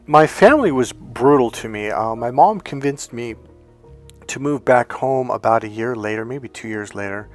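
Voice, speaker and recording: Man, middle-aged, life coach, personal storytelling, halting, emotional, faint music behind. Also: mid-range voice. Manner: emotional, halting, repeats and restarts words.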